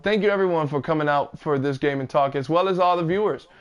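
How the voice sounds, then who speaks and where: Upbeat host with a fairly high voice. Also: male voice, fast talker, clean tone, dull audio. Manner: repeats words, laughs often, hypes guests. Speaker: podcast host. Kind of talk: casual podcast chat.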